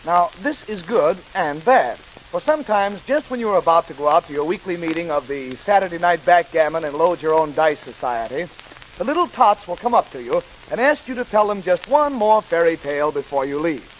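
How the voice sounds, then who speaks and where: A man telling a fairy tale as a rapid-fire comic routine, jumping between shouted character voices. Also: on the high side, expressive, rough recording. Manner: breakneck patter, shouted voices for each character. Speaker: comic storyteller. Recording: hissy vintage record.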